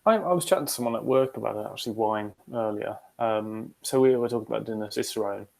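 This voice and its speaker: A man's voice: lowish voice, fast, vocal fry, a little mellow, rough recording. A man co-hosting a casual podcast chat, telling a long story loosely with many fillers and restarts. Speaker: podcast co-host.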